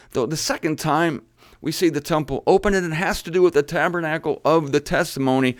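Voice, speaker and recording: A man's voice: a little high, no room sound. A man giving an informal Bible teaching in a studio, with joking asides and rhetorical questions to his audience. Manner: hurried near the end. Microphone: studio camera setup.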